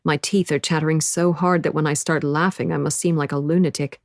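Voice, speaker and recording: A woman's voice: sits low, fairly even intonation, a little fast, dry recording, studio quality. A woman narrating a novel in the first person, with an intense, breathless inner-monologue delivery. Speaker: audiobook narrator.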